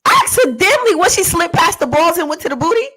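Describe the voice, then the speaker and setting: Woman, podcast co-host, teasing, high voice, lively pitch. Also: fast, rough recording. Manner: teasing, reads out listener comments. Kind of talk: casual chat.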